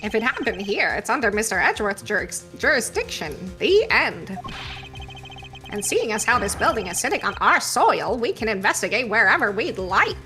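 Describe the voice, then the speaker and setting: A woman's voice: a little high, big pitch swings, moderate pace, sharp tone, faint music behind. Woman playing a brash male detective. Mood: indignant. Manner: blustering, stammering, brash. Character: gruff loyal adult male police detective. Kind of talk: live fan reading of a game script.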